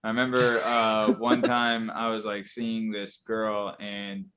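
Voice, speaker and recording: A man's voice: fairly low pitch, completely flat delivery, slow, a bit bright. A man hosting a podcast in casual chat, bantering and swearing freely. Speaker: podcast host.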